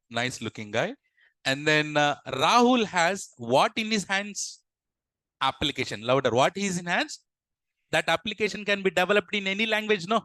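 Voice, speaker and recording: A young man teaches a live online class, pausing often to quiz his students and acting out small scenes. His voice sits a little high. The sound is dry and close, with no room around it. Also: fairly bright tone, no echo, rough recording. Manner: asks the class questions and acts out dialogues. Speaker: instructor.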